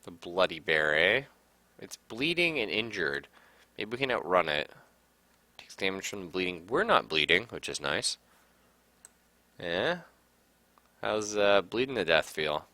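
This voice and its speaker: A man's voice: low voice, very animated, unhurried, pauses often, sharp tone, no echo. A man casually commenting on a game he is playing, reading its text aloud and reacting with sudden outbursts and swearing. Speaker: gaming streamer. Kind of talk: casual let's-play commentary.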